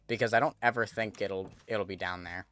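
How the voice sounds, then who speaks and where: A man's voice: lowish voice, fairly even intonation, brisk, a bit bright. A man streaming a game, chatting casually to viewers as he thinks aloud and corrects himself. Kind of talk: casual gameplay commentary.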